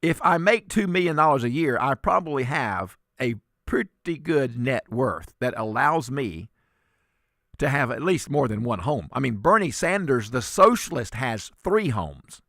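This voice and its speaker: A man's voice: medium pitch, expressive, measured pace, a bit bright, dry recording, clean studio sound. A man filling in as a talk radio host, giving emphatic, sarcastic commentary and often repeating words.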